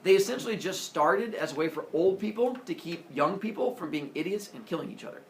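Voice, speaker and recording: A man's voice: sits high, fairly quick. A man lecturing a class with comic flair, his voice rising and falling widely as he jokes and acts things out. He is heard from a distance in a roomy classroom with a faint hum behind him. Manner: animated, jokey, acts out voices and sound effects. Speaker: teacher. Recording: roomy echo, mic far off, faint room noise.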